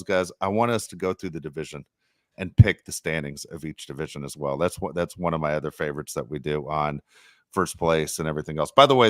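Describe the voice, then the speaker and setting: Deep-voiced rambling man on a podcast. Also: no echo, clean studio sound. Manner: rambling, animated, mock-complaining asides. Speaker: podcast host. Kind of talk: casual sports podcast chat.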